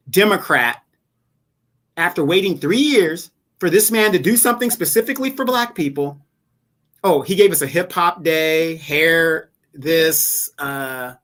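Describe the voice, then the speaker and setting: A man's voice: high-pitched, fairly bright tone. A man hosting a casual political talk show, making emphatic, argumentative points. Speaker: political commentary host.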